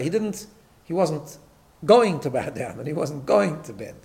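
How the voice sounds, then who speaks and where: A man's voice: a little high, sing-song, measured pace, gravelly, darkish tone. A man teaching a Torah class, emphatic, often repeating words and checking in with "right?". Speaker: rabbi.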